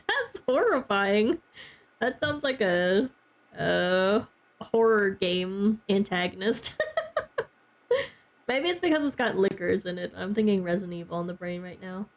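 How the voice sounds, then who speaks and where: A young woman streaming a game, chatting casually with her chat and peppering her talk with "like" and little laughs. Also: mid-range voice. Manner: chatty, heavy use of "like", frequent laughs.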